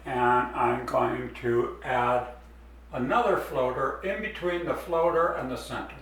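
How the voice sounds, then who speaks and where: A man's voice: mid-range voice, a little slow, creaky, a bit bright, heavy reverb, far from the mic, rough recording. A man explaining step by step as he draws a design in a drawing demonstration. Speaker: art teacher.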